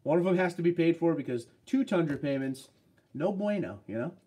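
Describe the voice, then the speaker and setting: Livestream guy chatting away w his viewers, upbeat, rambly, kinda high voice. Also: lively intonation, a little fast, mellow, slightly rough. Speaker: livestream host. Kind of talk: casual livestream chat, reading viewer comments.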